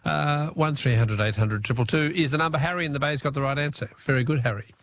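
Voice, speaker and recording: A man's voice: a little high, fast, a bit bright, no room sound, studio quality. A man hosting a talkback radio quiz, joking, punning and spelling out answers.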